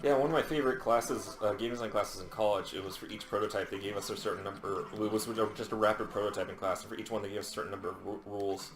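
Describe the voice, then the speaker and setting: A man's voice: on the low side, steady tone, rapid-fire, few pauses, reverberant. A man co-hosting a let's play, chatting casually and jokingly about the game and game design. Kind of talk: casual gameplay commentary.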